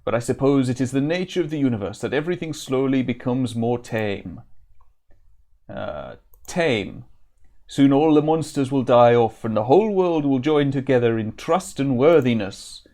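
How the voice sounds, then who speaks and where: A man's voice: medium pitch, lively intonation, normal speed, a little mellow, natural voice. A man voicing a grumpy old retired sailor who sells ships. The sailor speaks in archaic English with a vague put-on old-timey accent. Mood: grumbling. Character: gruff old male sailor turned shipwright, scornful.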